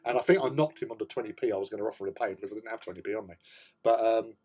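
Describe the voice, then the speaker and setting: A man's voice: fairly low pitch, racing, a little mellow, slightly rough. A middle-aged British man hosting a hobby chat, telling a rambling story, laughing often and swearing casually. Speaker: hobby channel host.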